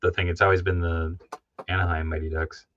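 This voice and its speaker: Excitable man hosting a chat, dull audio. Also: low voice, a little fast, no room sound. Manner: rambling, excitable, laughs often. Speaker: livestream host. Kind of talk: casual chat about toys.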